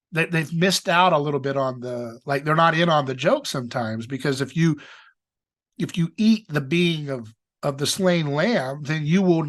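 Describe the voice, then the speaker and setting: Animated man hosting a podcast. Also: a little high. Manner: animated, acts out quoted voices, laughs often. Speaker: podcast host. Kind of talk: animated theological discussion.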